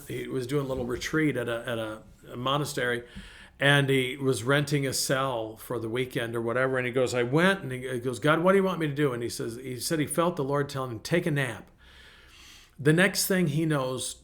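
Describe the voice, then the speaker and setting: A man's voice: mid-range voice, brisk, creaky, a bit bright. A middle-aged male pastor preaching a conversational sermon, telling personal stories in a folksy way with frequent restarts.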